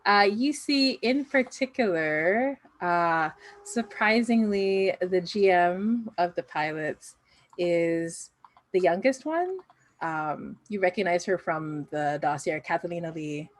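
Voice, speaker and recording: A woman's voice: lowish voice, lively intonation, slow. A woman running a tabletop game, casually describing scenes with many fillers. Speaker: game master.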